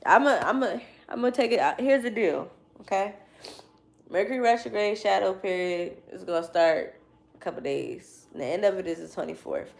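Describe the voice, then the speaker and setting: A woman's voice: mid-range voice, lively intonation, normal speed, creaky. A young woman telling a casual story to her viewers, loose and slangy, with frequent swearing and laughter. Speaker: tarot reader.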